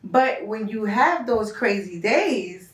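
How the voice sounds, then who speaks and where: A woman's voice: mid-range voice, lively intonation, takes it slowly. A woman co-hosting a casual podcast chat, affirming and reflective. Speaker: co-host. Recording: echoey room, distant mic.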